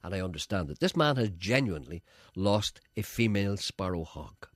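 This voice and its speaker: A man hosting a radio show, telling anecdotes in animated, casual studio chat. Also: sits low, normal speed, no echo. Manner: animated storyteller, acting out voices. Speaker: radio host.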